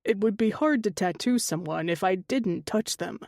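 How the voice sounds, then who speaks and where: A woman's voice: mid-range voice, animated, normal speed, a little mellow, no room sound, clean studio sound, natural voice. A woman reading the part of a teasing young male panther-shifter tattoo artist, wry and chatty, in an audiobook.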